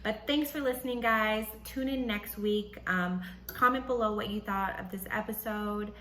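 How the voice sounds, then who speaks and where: Animated woman podcaster in an echoey room. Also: moderate pace. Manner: animated, acts out quotes in a high voice, laughs often. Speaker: podcast host. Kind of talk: casual storytelling monologue.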